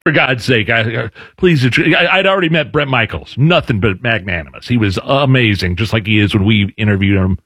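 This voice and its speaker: Radio host, man in his forties, husky lively voice, dry studio sound. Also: medium pitch, brisk, hardly any pauses, dry recording. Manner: animated storyteller, jumps into loud impressions. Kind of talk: casual radio show banter.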